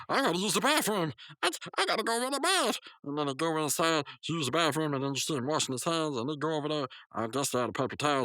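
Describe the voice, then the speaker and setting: A man co-hosting a podcast, recapping a cartoon episode in a halting, stumbling way. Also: on the high side, a bit bright, no room sound. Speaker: podcast co-host.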